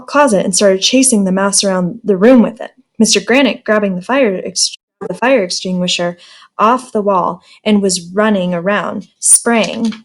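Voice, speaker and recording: A woman teacher reading a children's storybook aloud in a friendly, plain manner. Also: medium pitch.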